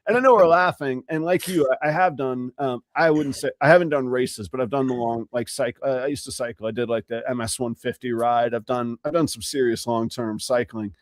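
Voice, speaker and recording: A man co-hosting a podcast, telling stories in an animated, rambling way during casual chat. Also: mid-range voice, a little fast, few pauses, no echo, studio quality. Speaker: podcast co-host.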